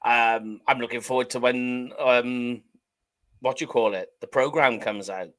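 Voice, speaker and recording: A man co-hosting a casual sports podcast, relaxed and easygoing, pausing on fillers. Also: medium pitch. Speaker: podcast co-host.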